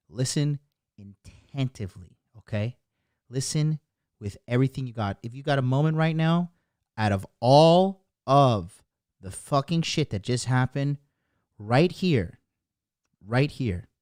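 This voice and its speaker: A man's voice: mid-range voice, darkish tone, dry recording, studio quality. Emphatic, profane male live-stream host. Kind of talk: live-stream casual talk.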